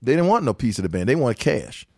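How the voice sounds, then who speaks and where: An older male musician tells stories in a casual interview, animatedly quoting people and laughing often. He talks fast in a mid-range voice, recorded at studio quality with no room sound.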